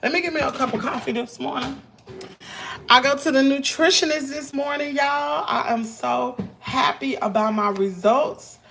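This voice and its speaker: A hoarse woman with a Southern US accent, chatting to viewers in her home kitchen on a phone livestream. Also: high-pitched, moderate pace, a bit bright, a little hiss or hum. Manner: chatty, talks straight to viewers, says y'all a lot. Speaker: livestream host. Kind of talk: casual livestream chat while cooking.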